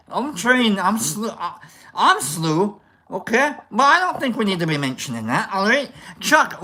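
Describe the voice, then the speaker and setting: A woman putting on a wobbly fake Scottish accent that slips into other accents as she reads out chat in a loose, rambling livestream. Her bright voice swings widely up and down, playful and self-mocking, with casual swearing. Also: medium pitch. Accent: put-on Scottish accent, drifting into other accents. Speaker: livestream host reading chat. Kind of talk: casual live-stream chat.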